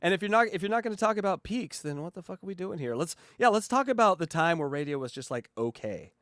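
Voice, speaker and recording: A man hosting a loose, profane podcast chat, slipping into quick impressions of old radio moments. His voice sits a little high and swoops around a lot, recorded close and dry. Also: animated, a bit bright, no echo. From West Coast of the US. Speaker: podcast host. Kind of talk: casual chat.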